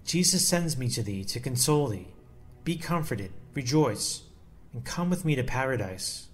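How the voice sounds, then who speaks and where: A man reading aloud the lines of a grieving holy mother in a solemn, measured devotional style with archaic phrasing. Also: medium pitch, animated, soft background music, natural voice. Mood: consoling. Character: sorrowing mother of Jesus, grieving woman.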